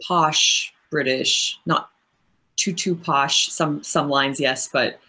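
A woman's voice: low voice, steady tone, slow pace, bright, forceful tone. A woman voice actress as an interview guest, explaining her craft at length in a thoughtful, casual way with frequent fillers.

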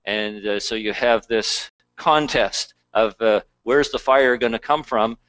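A man's voice: fairly low pitch, unhurried, a bit bright, no echo, poor audio. A man pastor preaching a conversational sermon, reading scripture aloud between plain asides.

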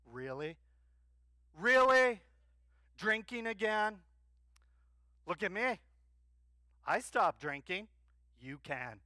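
A man's voice: sits high, big pitch swings, a little slow, few pauses, no echo, clean studio sound, pitched above the performer's own voice. A man playing a smug self-righteous scold. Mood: mocking. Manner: mocking, needling repeated questions.

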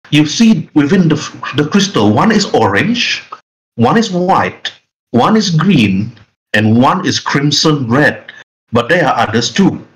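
A man's voice: mid-range voice, rough recording. A man narrating a tabletop role-playing game as game master, in long, rambling run-on sentences.

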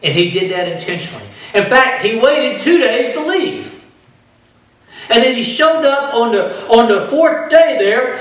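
Man preaching a sermon, high pitch, lively, heavy church echo. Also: measured pace. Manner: animated preaching, acting out voices. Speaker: pastor. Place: church sanctuary. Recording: echoey church from far off.

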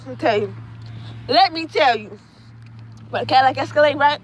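A woman's voice: sits high, expressive, normal speed, pauses often, slight background noise. A young woman telling a rambling, profane storytime vlog outdoors at dusk, tagging her phrases with "okay?". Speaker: student vlogger.

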